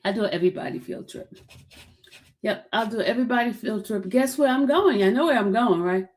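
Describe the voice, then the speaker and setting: A woman hosts a relaxed livestream, her voice sitting a little high. She chats directly with her viewers, greets them by name and circles back over the same lines again and again. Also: a little fast. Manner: chatty, repeats herself, calls out to viewers by name. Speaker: livestream host. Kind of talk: casual livestream chat. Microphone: streaming setup.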